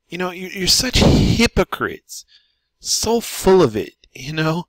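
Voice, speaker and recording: A man's voice: on the high side, expressive, takes it slowly, fairly bright tone, no echo. A man giving an exasperated, repetitive ranting monologue as a gaming commentator.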